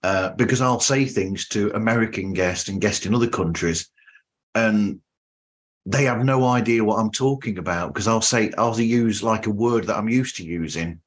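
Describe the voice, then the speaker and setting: Northern English male podcast host, low voice, friendly and rambling. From north of England. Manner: friendly, rambling, halting restarts. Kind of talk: casual podcast interview.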